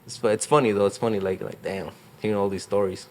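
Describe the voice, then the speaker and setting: A man's voice: lowish voice, steady tone, quick pace. A young man, a real estate agent, talking casually in an interview, rambling with lots of fillers and slang. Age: young adult.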